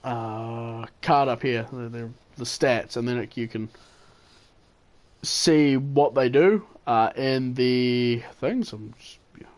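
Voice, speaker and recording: A man's voice: medium pitch, slow, a little mellow. A man telling a gaming story in a casual, rambling way, chuckling and correcting himself as he goes. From New Zealand. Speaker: gaming channel host. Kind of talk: casual storytelling gameplay commentary.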